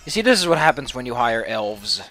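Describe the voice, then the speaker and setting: A man's voice: mid-range voice, sing-song, fairly quick, fairly bright tone, no room sound, soft background music. Sarcastic man ranting over gameplay. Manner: sarcastic, mock-villainous ranting with swearing. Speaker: let's play host. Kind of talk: casual gameplay commentary.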